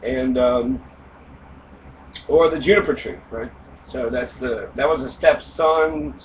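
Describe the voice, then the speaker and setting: A man's voice: mid-range voice, slow pace. Profane wisecracking man, distant lo-fi mic. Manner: profane, wisecracking, rambling with fillers. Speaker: podcast host retelling fairy tales. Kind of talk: casual comedic storytelling. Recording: distant mic, dull lo-fi sound, faint noise.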